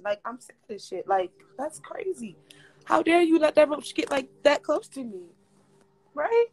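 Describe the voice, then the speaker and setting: A woman's voice: high-pitched, normal speed. A woman telling a long, profane story in casual chat, repeating words for effect. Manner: animated, profane, repetitive storytelling. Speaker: storyteller on a livestream.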